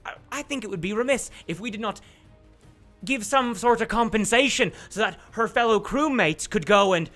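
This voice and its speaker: A man's voice: sits high, animated, normal speed, sharp tone, soft background music, pitched above the performer's own voice. A man voicing a commanding woman pirate captain who is polite with a veiled threat. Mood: smoothly menacing.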